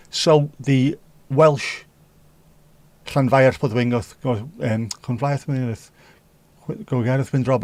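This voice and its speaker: A man's voice: medium pitch, a little mellow, no echo. A man with a Scouse accent from Liverpool, hosting a casual livestream and chatting jokily with his viewers. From Liverpool, England. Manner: chatty, jokey, reads out chat comments. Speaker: livestream host. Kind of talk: casual live chat with viewers.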